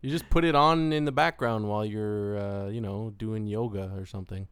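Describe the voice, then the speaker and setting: A man's voice: lowish voice, steady tone, fairly bright tone, a little hiss or hum. A man co-hosting a podcast in casual chat, often hesitating and restarting. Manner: hesitant, halting with ums. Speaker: podcast co-host.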